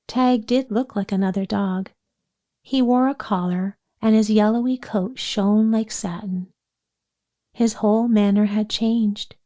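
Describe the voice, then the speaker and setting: A woman's voice: mid-range voice, steady tone, a little slow, dark tone. A woman narrating a children's storybook aloud, giving the characters light voices in the dialogue. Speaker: audiobook narrator.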